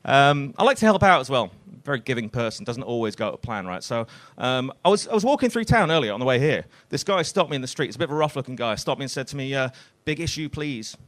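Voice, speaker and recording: A man doing a stand-up comedy routine on a club stage, telling deadpan self-deprecating stories full of swearing. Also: mid-range voice, fast, hardly any pauses.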